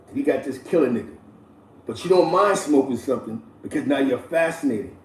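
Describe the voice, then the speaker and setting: A man hosting casual street storytelling, talking loosely with slang, repeats and frequent shout-outs. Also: mid-range voice, lively intonation, a little fast, far from the mic, a little hiss or hum. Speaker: host. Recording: echoey room, voice a bit off-mic.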